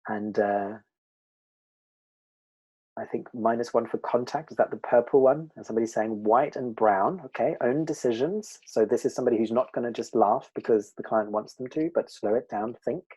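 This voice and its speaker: Man, workshop presenter, animated, laughs a lot, breathy tone, dull lo-fi audio. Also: mid-range voice, normal speed. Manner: animated, laughs often, acts out voices.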